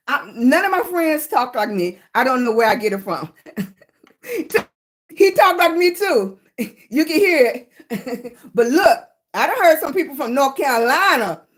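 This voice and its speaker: An older woman with a Southern drawl hosts a casual livestream, chatting with viewers and greeting each one by name. Her voice sits high for a woman. She calls people baby and talks in an easy, homey way. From Virginia. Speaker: livestream host.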